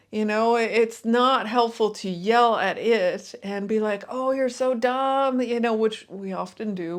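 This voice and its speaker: A woman coach giving a calm, soothing talk straight to her viewers, guiding them through breathing and grounding. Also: mid-range voice. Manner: soft, soothing, unhurried delivery. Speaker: intuitive and transformational coach. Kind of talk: calm guided talk to camera.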